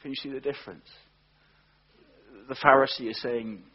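A man's voice: mid-range voice, steady tone, moderate pace, pauses often, slightly rough, muffled recording. A man preaching a sermon, earnest and emphatic, asking rhetorical questions.

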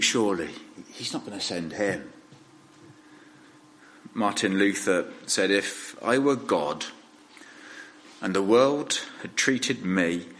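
A male preacher delivering a sermon in an earnest, measured manner. His voice sits a little low and he speaks slowly. He leaves pauses between phrases. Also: fairly bright tone, rough recording.

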